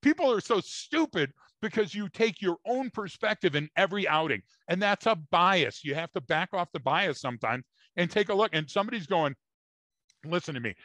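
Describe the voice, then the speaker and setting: Bright, emphatic man on a podcast. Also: high-pitched, expressive, a little fast, dry recording. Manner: emphatic, storytelling, repeats words. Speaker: podcast co-host. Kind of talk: casual podcast chat.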